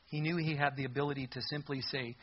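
A man preaching a Bible sermon, building to loud, emphatic outbursts and acting out the voices in the story. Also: medium pitch, fairly even intonation, quick pace, breathy edge, dull audio. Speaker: pastor.

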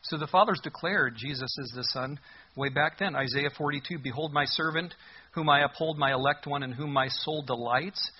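A man's voice: a little high, moderate pace, breathy edge, highs cut off. A man preaching a sermon in a conversational, humorous way, reading scripture aloud. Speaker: pastor.

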